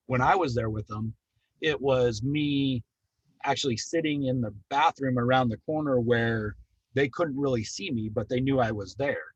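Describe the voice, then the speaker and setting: Man, husky voice, calm measured training talk, dry close sound. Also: medium pitch, no room sound, dull audio. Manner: calm, measured, with frequent ums. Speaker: hospice team trainer.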